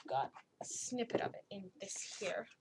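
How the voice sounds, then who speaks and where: A woman's voice: medium pitch, normal speed, whispered. A young woman giving a casual, blunt and exasperated spoken book review, rambling with frequent restarts.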